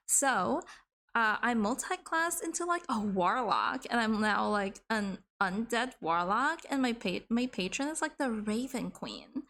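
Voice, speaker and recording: Woman, livestreamer, casual chat, rambling, swears casually, slightly high pitch, desk mic. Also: lively intonation, normal speed, a bit bright. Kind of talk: casual chat while drawing on stream.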